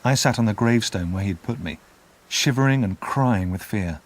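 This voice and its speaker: A man narrating a classic story as an audiobook in a measured, expressive storytelling manner. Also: lowish voice.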